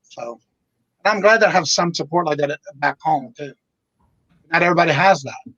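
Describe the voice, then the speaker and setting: A man's voice: on the high side, brisk, bright, forceful tone, no echo, muffled recording. A man from Louisiana chatting casually on a livestream in an easygoing, rambling way. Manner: easygoing, rambling, repeats words as he talks. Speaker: reseller and show host.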